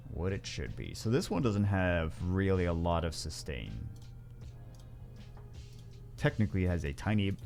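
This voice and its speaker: A man's voice: sits low, vocal fry. A man hosting a gaming video, rambling through casual gameplay commentary with wry asides and frequent self-corrections.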